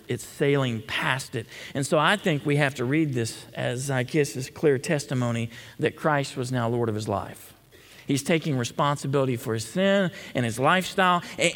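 A pastor preaching a conversational sermon in a church, often checking in with the congregation. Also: male voice, fairly high pitch, fairly bright tone. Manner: conversational, frequent "okay?" check-ins. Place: church sanctuary. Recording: long hall reverb.

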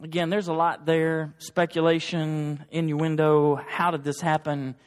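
A man preaching a sermon to his church in an earnest, emphatic way that builds to forceful exhortation. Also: on the high side, little pitch movement, a little slow, long reverb tail. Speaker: pastor. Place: church sanctuary.

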